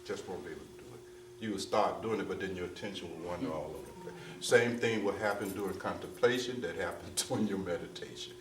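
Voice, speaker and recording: A low-voiced man talks fast over background noise. As a spiritual teacher addressing a crowd, he stresses and repeats his points, tosses in "you see?" again and again, and slides into street slang. The mic is distant, with a roomy sound and faint ambience.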